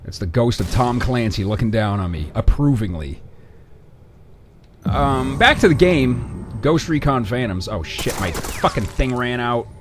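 A young man giving casual, sarcastic commentary over his own shooter gameplay, swearing and breaking into excited outbursts. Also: mid-range voice, measured pace, soft background music.

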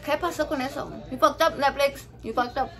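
High-voiced, foul-mouthed woman cooking. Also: brisk. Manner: swears freely, mixes Spanish and English, jokey and candid. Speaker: cooking vlogger. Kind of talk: casual cooking tutorial. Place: home kitchen.

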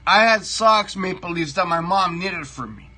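A man's voice: high-pitched, lively intonation, moderate pace, sharp tone, breathy edge. A middle-aged man, hosting a comic sports show and ranting with lots of swearing while he eats. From Toronto, Canada. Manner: profane, ranting, repeats himself; talks while eating pie. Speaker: show host.

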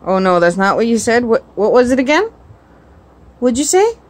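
A woman's voice: on the high side, expressive, fast, slight background noise. A woman at home filming her cat on a phone, talking baby talk in coaxing, sing-song questions. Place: home indoors. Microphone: phone camera.

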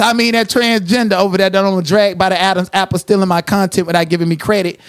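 A man hosting a livestream commentary rant, profane and confrontational, who sometimes slips into sing-song asides. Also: high-pitched. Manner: profane, confrontational, trash-talking. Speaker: commentary channel host.

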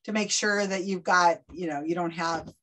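A woman's voice: on the low side, fairly even intonation, moderate pace, fairly bright tone, a little hiss or hum. A woman who organizes a trivia night, chatting casually on a video call, laughing and walking others through setup steps. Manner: chatty, laughing, gives step-by-step instructions. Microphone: computer mic on a video call.

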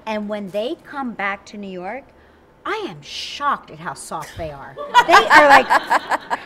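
A middle-aged woman co-hosting a morning talk show, chatting in a lively, animated way, laughing and acting out quotes. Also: medium pitch, measured pace, crowd noise. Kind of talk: lively casual chat. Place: TV studio.

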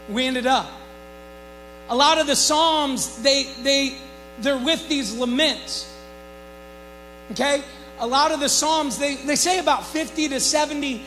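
A male pastor preaching a sermon, swinging between hushed reflection and shouted emphasis. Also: very high-pitched, rough recording. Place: church.

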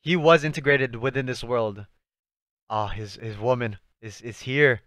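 A young man hosting a live anime reaction, talking excitedly to the screen in slangy, casual speech. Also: medium pitch, measured pace, no echo. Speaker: anime reaction channel host.

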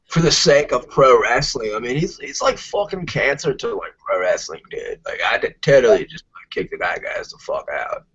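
A man's voice: mid-range voice, lively intonation, moderate pace, hardly any pauses, fairly bright tone, slightly rough. A man co-hosting a podcast, from Puerto Rico, chatting casually over a call, laid-back and peppering his talk with "man" and "dude". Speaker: podcast co-host. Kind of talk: casual chat. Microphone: remote call. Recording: dull lo-fi audio.

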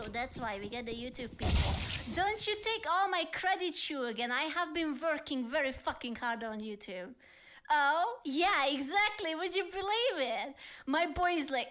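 Playful high-voiced woman streamer. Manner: playful, cheeky, giggly and excitable. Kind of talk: casual live-stream chat with viewers. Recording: loud background noise.

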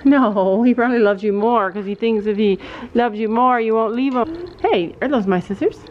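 A woman's voice: a little high, normal speed, muffled recording, slight background noise. A woman vlogging as a mom outdoors at a horse barn, chatting casually and explaining her gear to viewers. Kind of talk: casual vlog chat.

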